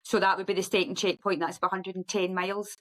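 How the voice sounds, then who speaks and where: A Scottish woman, a guest on an interview show, telling her story in a lively way and acting out the voices of the people in it. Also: medium pitch, fast, low-quality recording. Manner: animated storyteller who acts out quoted speech. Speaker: podcast guest, ultra runner.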